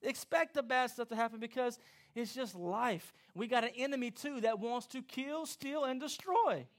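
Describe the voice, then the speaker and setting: A man preaching a sermon as pastor, animated and acting out quoted voices. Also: very high voice, moderate pace.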